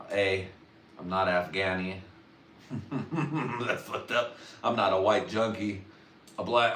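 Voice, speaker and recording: Sitting low with a fairly bright tone, the man's voice rambles through crude comedy on a livestream as he swears freely and chuckles at his own gags. The roomy, distant recording carries faint ambience and slight background noise.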